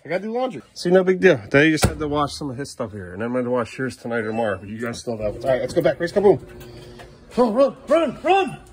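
A man's voice: medium pitch, lively intonation, rapid-fire, hardly any pauses, slight background noise. A man, a father, talking casually to his kids at home in a vlog and scolding them firmly and repetitively. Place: family home, indoors.

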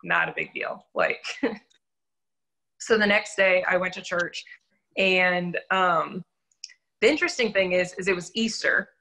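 A woman's voice: fairly low pitch, takes it slowly, long pauses, pushed and bright, poor audio. A young adult woman sharing her faith testimony in an interview, telling her story candidly and earnestly with self-deprecating humor.

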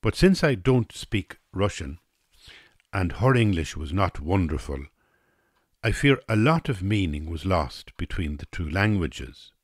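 An Irish man telling a wry story in an unhurried narration. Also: low-pitched, very animated, husky, no echo, studio quality. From Ireland.

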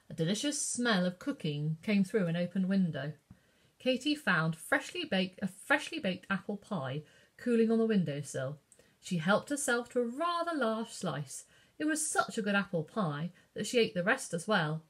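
Animated woman reading to children. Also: medium pitch, normal speed. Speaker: librarian. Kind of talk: children's story time reading.

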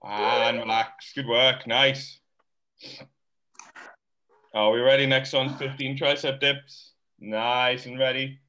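A man's voice: medium pitch, little pitch movement, takes it slowly, long pauses, pushed and bright. A man coaching a live workout class over a video call, counting down sets and giving short encouraging cues. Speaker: fitness coach.

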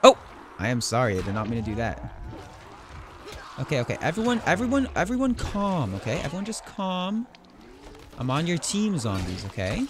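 A young man chats his way through a video game, teasing the enemies and narrating what he does. His voice sits a little high and swings widely up and down. A faint hum of game sound runs underneath. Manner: playful, talks to the enemies he fights. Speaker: gaming YouTuber. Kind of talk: casual gameplay commentary.

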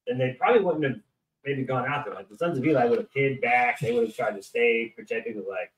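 A man's voice: mid-range voice, a little fast, far from the mic, rough recording. A man in a casual bible discussion group who questions things and thinks aloud. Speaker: study group member.

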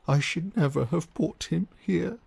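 An eager little storybook cat speaks with a high, very breathy tone. The delivery is bright and childlike, made for a game's picture-book scene. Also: male voice, a little slow, exaggerated voice. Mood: regretful.

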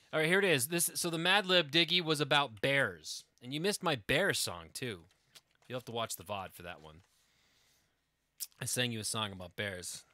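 Male streamer, casual co-host. Rambling, chatty delivery, very bright tone, dry close sound. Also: mid-range voice, no room sound. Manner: rambling, chatty, trails off and restarts mid-thought; playful, reads silly word-game text with mock seriousness. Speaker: live streamer co-hosting with his wife. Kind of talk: casual live-stream chat and comic reading aloud.

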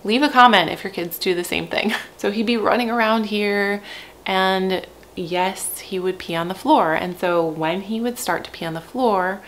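A young mother of three who vlogs about parenting chats frankly to camera at home, laughing often. Her voice is mid-range and fairly bright, her pace moderate, and there's a little hiss or hum in the audio.

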